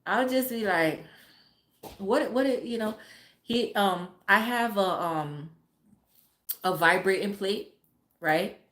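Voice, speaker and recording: A woman's voice: mid-range voice, takes it slowly, pauses often, fairly bright tone. Blunt, profane woman in a roomy space. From Caribbean family. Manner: blunt, profane, laughs a lot. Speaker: livestreamer and mother. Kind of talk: casual livestream chat. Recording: roomy echo.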